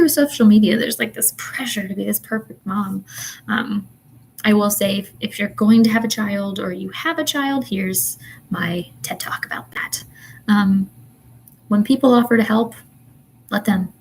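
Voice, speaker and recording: A woman's voice: medium pitch, moderate pace, creaky, slight background noise, low-quality recording. A young woman, a mother, ranting in a casual livestream chat, exasperated and chatty with lots of ums and laughs. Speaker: vlogger and mother.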